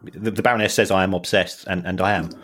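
A middle-aged man talking football money on a podcast in a fairly low voice. He explains in a halting, stop-start way and repeats words as he thinks. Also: steady tone, a bit bright. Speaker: football finance analyst, podcast co-host. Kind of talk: casual podcast chat.

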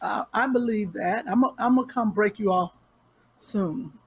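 A woman's voice: medium pitch, moderate pace, vocal fry, slightly rough, no room sound. A woman host in casual chat who gives advice in a direct, caring, teasing way and speaks informally. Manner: informal speech with dropped verbs.

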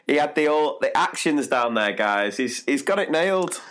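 A man's voice: fairly high pitch, expressive, normal speed, a bit bright. A man co-hosting a podcast, chipping in with teasing, encouraging remarks in casual chat. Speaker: podcast co-host.

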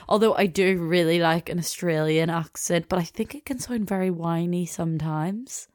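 A woman's voice: on the low side, darkish tone, dry recording, clean studio sound. A young woman hosting a casual, rambling solo podcast chat, swearing and laughing as she goes. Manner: chatty, rambling, swears and laughs easily, mimics accents. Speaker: podcast host.

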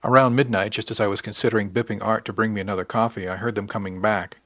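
Male narrator, low voice, dry studio read, even wry storytelling. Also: fast, no room sound. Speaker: audiobook narrator. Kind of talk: first-person scripted narration.

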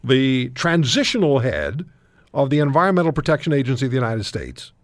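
A man's voice: mid-range voice, very animated, fairly quick, dry recording. A man hosting a talk radio show, interviewing guests and giving emphatic commentary with frequent restarts.

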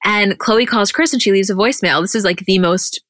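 Brief: young woman podcast co-host, lively swearing recapper, dead dry recording. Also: mid-range voice, fairly quick, dry recording. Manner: animated, swears freely, retells scenes acting out quotes. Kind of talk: casual recap chat.

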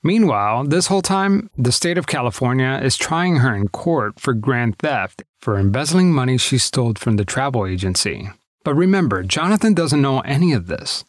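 A man reading a scripted narration in a measured, dramatic way. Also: mid-range voice, lively intonation, no room sound, studio quality.

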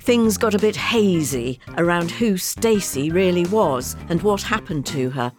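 A woman's voice: lowish voice, lively intonation, measured pace, over music. A woman narrating a comedy panel show, with wry, teasing comments between segments. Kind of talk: scripted narration.

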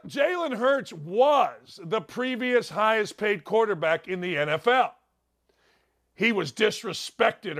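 A middle-aged man delivers a sports talk monologue in a fairly high voice. He rants with heavy sarcasm and slows down to drag out his points. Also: fairly bright tone. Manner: sarcastic, ranting, drawn-out emphatic delivery. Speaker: sports talk show host.

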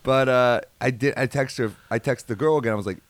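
A man's voice: medium pitch, fairly quick, dry recording. A man, a comedian, telling funny stories in casual chat and acting out the quoted lines.

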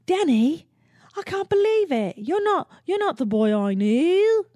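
A woman's voice: extremely high pitch, big pitch swings, a little slow, dark tone, no echo, studio quality, pitched above the performer's own voice, exaggerated voice. A woman putting on a lovestruck teen girl in a mock Australian accent. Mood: wounded. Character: naive lovestruck teenage girl, hurt.

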